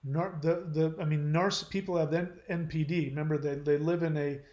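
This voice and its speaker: A man's voice: a little high, fairly even intonation, a little fast, a little mellow, reverberant. A man hosting his channel, reading viewer comments aloud and answering them in a blunt, lecturing way.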